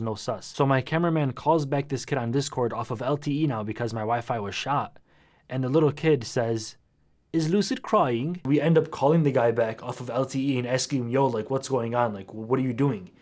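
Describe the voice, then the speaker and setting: A man telling a story on his YouTube channel in a casual, animated, slangy and dramatic way. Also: mid-range voice.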